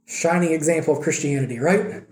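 A man with a high, mellow voice teaches from the Bible in a relaxed way, retelling the story with dry humor and quoted voices. The room around him rings with a noticeable echo. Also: brisk.

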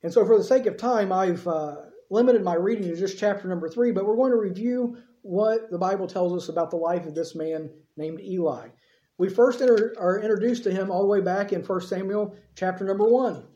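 A preacher delivering a sermon in an easy, conversational storytelling manner, with offhand asides. The voice is mellow and dark. It echoes through a church and sounds a little dull. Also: mid-range voice, fairly quick.

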